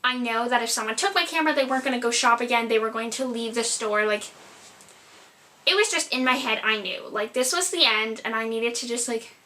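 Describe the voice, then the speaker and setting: A young adult woman tells a storytime vlog tale. Her voice sits a little high and sounds bright and forward. Her delivery rambles and is packed with filler "likes". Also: fairly quick. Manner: rambling, filler-heavy retelling, lots of "like". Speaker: vlogger.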